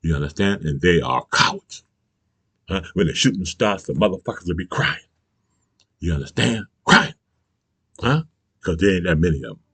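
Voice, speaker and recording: A man hosting his own channel, delivering a profane, angry political rant, bursting into shouts and asking "you understand?" again and again. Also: low voice, animated, normal speed, long pauses, slightly rough, dry recording. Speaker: channel host.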